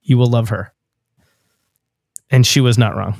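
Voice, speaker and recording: A man's voice: mid-range voice, fairly even intonation, measured pace, gravelly, a little mellow, dry recording, clean studio sound. A man in his forties hosting a podcast, chatting in an easygoing, rambling way with lots of fillers. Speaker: podcast host. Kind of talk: casual interview chat.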